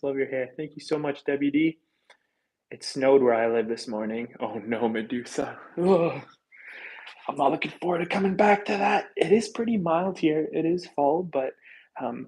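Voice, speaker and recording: A thirty-year-old man hosts a reptile channel livestream, reading viewer comments and chatting candidly with frequent fillers. His mid-range voice has a darkish tone, and the recording is rough.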